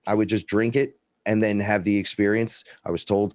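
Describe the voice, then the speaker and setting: A man's voice: lowish voice, moderate pace, hardly any pauses, no echo. A middle-aged man from the Bronx, telling personal stories as a guest and acting out the dialogue. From the Bronx, New York. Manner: animated storyteller, acts out quoted dialogue, swears freely. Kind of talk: casual storytelling.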